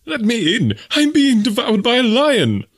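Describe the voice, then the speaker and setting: A man doing a shrill flustered old gentleman. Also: wildly swooping pitch, measured pace, heavily acted. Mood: panicked. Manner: shrill exclamations, fussy formal phrasing. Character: flustered near-sighted elderly gentleman, fussy and easily frightened.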